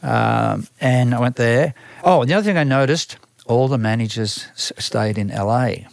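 Older man, Australian accent, rambling anecdotes, mid-pitched voice, dry sound. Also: moderate pace, gravelly, dry recording. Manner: rambling, many restarts and repeated words. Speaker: music manager, guest. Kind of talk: storytelling interview.

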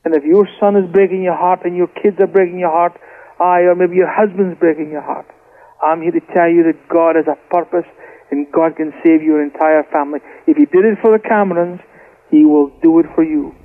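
A Scottish man tells a fervent faith story in a high voice, doubling back on his words as he goes. The sound is thin and boxy, like a phone call. He speaks as a guest preacher giving testimony. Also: steady tone, fairly quick. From Scotland. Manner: fervent, repeats words while telling the story. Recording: tinny phone line.

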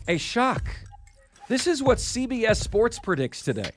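An energetic man with a high voice hosts a sports talk radio countdown, addressing listeners as folks. Faint music runs underneath. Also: measured pace.

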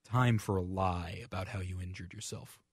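A man's voice: low-pitched, fairly even intonation, normal speed, slightly rough, no room sound. A man co-hosting a radio talk show, chiming in with dry quips. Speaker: radio co-host. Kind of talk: casual radio chat.

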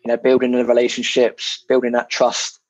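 A man's voice: mid-range voice, completely flat delivery, brisk, dry recording, highs cut off. A man from England chatting casually as a property investor guest, frank and self-deprecating, with plenty of fillers. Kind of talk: casual podcast chat.

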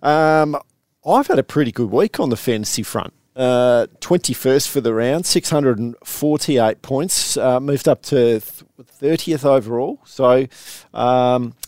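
A man's voice: mid-range voice, animated, a little slow, darkish tone, dry recording. An Australian man hosting a casual sports podcast, chatty and rambling, often restarting his sentences. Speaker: podcast host. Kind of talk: casual chat.

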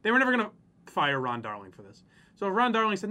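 A man's voice: sits high, sing-song, quick pace, pushed and bright. A man co-hosting a casual chat, ranting with plenty of profanity and mocking people in exaggerated voices. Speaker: podcast co-host.

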